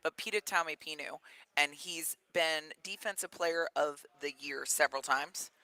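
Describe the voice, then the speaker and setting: A woman's voice: low-pitched, normal speed, no room sound, poor audio. A woman guest, a football coach, telling stories in a radio interview and acting out the people in them. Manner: animated, acts out the people in her stories.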